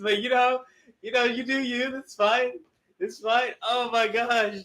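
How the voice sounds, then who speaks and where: A man's voice: extremely high pitch, fairly even intonation, unhurried, pushed and bright. A man hosting a casual stream, chatting freely and laughing easily. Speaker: streamer host.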